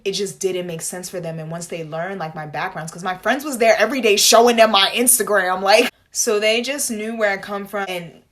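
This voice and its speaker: A young woman talking straight to camera in a casual storytime vlog. She fills her speech with "like" and slangy asides. When she reenacts a scene, her voice leaps up into high, dramatic quoted lines. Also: brisk. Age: young adult. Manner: animated, dramatic retelling with bursts of high acted quotes; frequent fillers like "like" and slangy asides. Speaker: vlogger.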